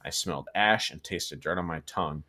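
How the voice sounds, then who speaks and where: Man, low voice, bright forceful tone, casual horror story reading, self-corrections and asides. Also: normal speed. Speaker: story reader and co-host.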